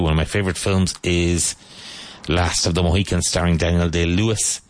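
A man with a very low voice hosting a live English lesson. He repeats each question and answer slowly for learners, in a patient teaching manner. The sound is dry and close. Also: fairly even intonation, dry recording.

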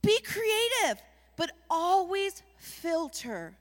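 A woman pastor delivers an animated sermon and keeps calling the congregation to respond. Her voice sits high and carries a long reverb from a large church sanctuary. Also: very slow. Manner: animated preaching with call-and-response.

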